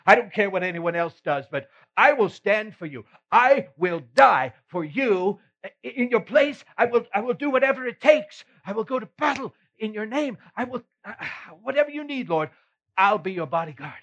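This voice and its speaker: In a slightly muffled recording, a man with a high, a-bit-bright voice plays a remorseful apostle Peter, an earnest, self-reproaching adult. At normal speed and with lively intonation, he uses a full character voice to retell his failings in an emotional first-person monologue, sighing and laughing ruefully.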